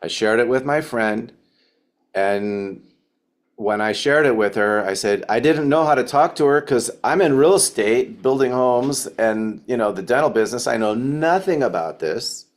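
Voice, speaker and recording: A man giving a motivational talk to his sales team, telling a story with lively quoted dialogue. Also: moderate pace. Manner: animated storytelling, acting out quotes in higher voice.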